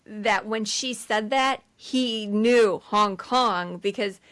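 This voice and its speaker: A woman's voice: medium pitch, slow, a bit bright. A woman co-hosting a podcast, retelling a movie scene in a rambling way with lots of fillers. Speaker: podcast co-host. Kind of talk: casual movie rewatch chat.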